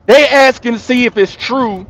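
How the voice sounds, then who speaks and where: A man's voice: very high-pitched, normal speed, a bit bright. A man hosting his channel, giving his opinion in casual commentary, talking straight to his viewers, laughing between points and repeating himself for emphasis. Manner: emphatic and repetitive, hammering points home. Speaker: channel host.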